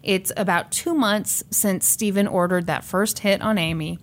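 A woman's voice: medium pitch, measured pace. A woman hosting a podcast, casually telling a true crime story, laughing often and swearing now and then.

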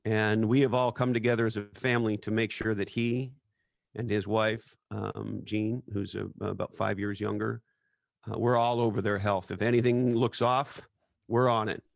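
Gravelly-voiced man telling earnest stories. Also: fairly low pitch, little pitch movement, moderate pace, no room sound, studio quality. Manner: earnest, reflective storytelling. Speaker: podcast guest. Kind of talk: casual chat.

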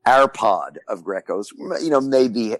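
A man's voice: on the low side, a little slow, poor audio. A man guest telling casual anecdotes in a rambling way, full of "you know" fillers. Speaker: guest, former TV host.

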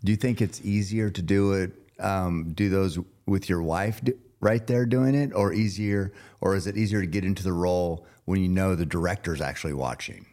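A man's voice: low voice, normal speed, hardly any pauses, a little mellow. A man hosting a podcast interview, chatting casually in a rambling, joking way and laughing often. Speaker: podcast host.

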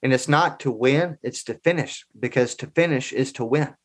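Earnest storytelling man, mid-pitched. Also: moderate pace. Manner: earnest, conversational, loose anecdotal telling. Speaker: podcast guest. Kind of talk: casual storytelling interview.

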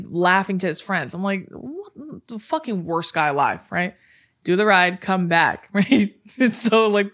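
A woman co-hosting a casual chat, telling a story with lots of swearing and acting out the people in it. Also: on the low side. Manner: animated storyteller, swears freely, acts out voices and yelps. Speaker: podcast co-host.

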